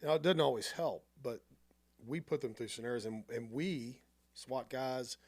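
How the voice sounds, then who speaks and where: A man hosting a podcast, giving short agreements and calmly explaining. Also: medium pitch, moderate pace. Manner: brief affirmations, then plain explaining. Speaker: podcast host. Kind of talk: casual interview chat.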